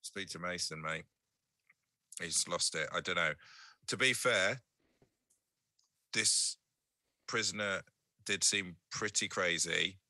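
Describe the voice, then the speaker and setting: A man playing a tabletop game, joking and brisk in character. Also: low-pitched, pushed and bright, no echo. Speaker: player. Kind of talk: casual in-character tabletop play.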